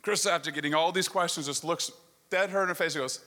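High bright-voiced preacher in a reverberant hall. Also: male voice, quick pace. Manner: animated storytelling with rhetorical questions. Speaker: pastor. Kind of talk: sermon. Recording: long reverb of a large hall.

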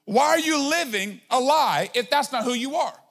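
A man in his thirties preaches with a strikingly high voice. He talks to the congregation in a casual, conversational way, scattering fillers, then leans hard into emphatic points. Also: animated, moderate pace, a bit bright, breathy edge. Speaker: pastor. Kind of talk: sermon.

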